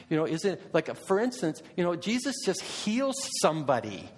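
A man's voice: fairly high pitch, big pitch swings, moderate pace, hardly any pauses. A middle-aged man preaching a sermon in a conversational way, asking his listeners question after question. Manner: conversational, asks the congregation repeated questions. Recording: long reverb of a hall.

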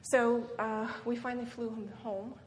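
A woman's voice: a little high, level tone, moderate pace. A middle-aged woman telling a personal story as a seminar speaker, earnest, with frequent ums and tag questions. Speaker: guest speaker. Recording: reverberant hall with faint noise.

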